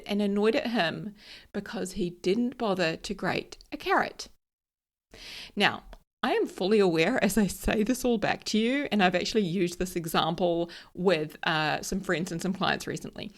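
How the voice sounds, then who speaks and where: A woman in her thirties hosting a solo podcast, chatty and candid, laughing at herself and searching for words. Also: mid-range voice. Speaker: podcast host. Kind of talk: casual solo podcast talk.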